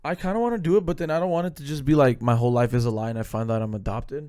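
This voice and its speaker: A man's voice: mid-range voice, fairly even intonation, very fast, a little mellow, dry recording. A young man co-hosting a podcast in casual, joking chat, slipping into mock intros and voices. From Indian heritage. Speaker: podcast co-host.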